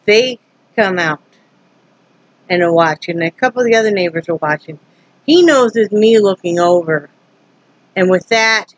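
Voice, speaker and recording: A woman's voice: medium pitch, animated, normal speed, long pauses, dry recording, highs cut off. A woman from Wyoming telling a story to her camera in a casual, rambling way, acting out both sides of a tense encounter with many restarts. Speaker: vlogger.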